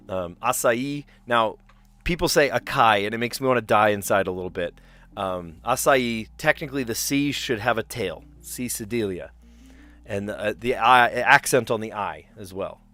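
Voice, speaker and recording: A man's voice: lowish voice, fairly bright tone. A man chatting casually on a puzzle live stream, rambling and explaining where words come from. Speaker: streamer playing word puzzles.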